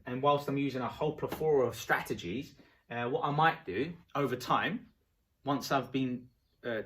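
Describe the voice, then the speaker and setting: A man teaching about rapport in a casual, animated way, acting out short dialogues. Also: medium pitch. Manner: animated, acts out little dialogues. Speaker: self-help coach.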